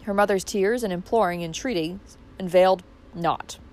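A woman's voice: on the low side, normal speed. A woman narrating a classic novel as an audiobook, reading expressively. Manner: expressive, wide-ranging delivery.

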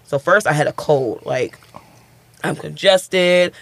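A man's voice: on the high side, takes it slowly, gravelly, no echo. A man, a stand-up comedian, telling a story in a casual interview and acting out what people said. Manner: animated, chatty, acts out quotes.

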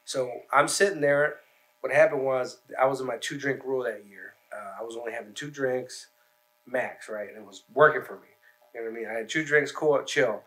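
Man, podcast guest, bright sharp voice, swears constantly, rambling anecdotes, casual chat. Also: medium pitch, fairly quick. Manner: profane, rambling storyteller.

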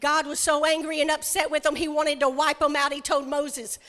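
A woman preacher delivering a sermon, emphatic and repetitive, rising to shouts. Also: high-pitched, level tone, moderate pace. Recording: reverberant hall.

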